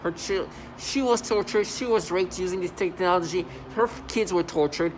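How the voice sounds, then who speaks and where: A man talking in a rambling vlog monologue, halting and restarting, with sudden loud agitated outbursts. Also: high voice, a little hiss or hum, poor audio. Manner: halting, many restarts and fillers. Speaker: vlogger.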